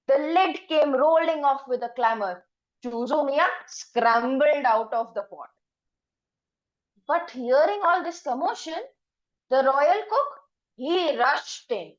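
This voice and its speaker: A woman telling a folktale as a teacher storyteller, expressive and full of dramatic pauses. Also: high-pitched, muffled recording.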